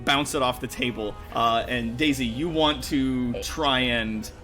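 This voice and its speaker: A man's voice: medium pitch, unhurried, over music. A man running a tabletop game as game master, narrating with lots of fillers and laughter. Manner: animated, laughing, filler-heavy.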